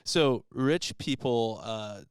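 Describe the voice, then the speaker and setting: A man's voice: medium pitch, slow, clear, resonant tone, no echo, studio quality. A man hosting a casual history podcast, laid-back, telling the story and laughing along with his co-hosts. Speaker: podcast host presenting history.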